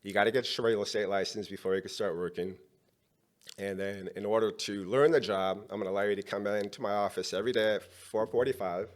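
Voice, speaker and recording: Low-voiced man telling a story. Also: quick pace. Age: middle-aged. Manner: animated storyteller acting out dialogue. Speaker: podcast guest. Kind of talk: storytelling in a podcast interview.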